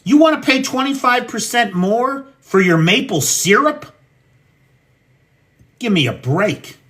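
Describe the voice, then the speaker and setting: A man's voice: very high-pitched, big pitch swings, takes it slowly, a bit bright. An American man hosting a casual livestream from his home kitchen, cooking and talking in a blunt, profane, ranting way. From United States. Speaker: livestream host.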